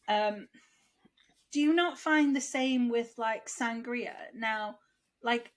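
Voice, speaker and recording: Woman podcast co-host, slightly high voice, rambling chatty delivery, lingering cough. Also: takes it slowly. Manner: chatty, rambling, asks questions aloud. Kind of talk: casual chat.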